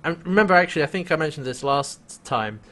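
Casting: male podcast co-host, casual and animated, laughs a lot as he recaps. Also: on the high side, quick pace. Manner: animated, laughs often, acts out quoted lines.

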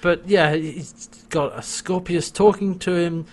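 A man's voice: high-pitched, unhurried. A man co-hosting a casual chat recapping a TV episode, laughing often and acting out quoted lines. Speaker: podcast co-host recapping a TV episode.

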